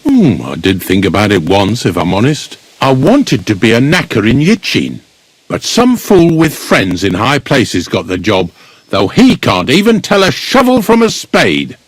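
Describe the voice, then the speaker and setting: An actor playing a blunt, grumbling village gravedigger in a video game, speaking. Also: male voice, medium pitch, huge pitch swings, measured pace, husky, dry recording, exaggerated voice. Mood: gruff.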